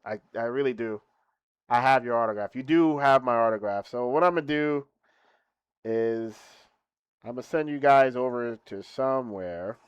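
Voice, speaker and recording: Smooth-voiced man streaming, boasting and thanking. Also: medium pitch, moderate pace, no echo, lo-fi sound. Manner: boastful, laughing, then softly grateful. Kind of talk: casual stream chat.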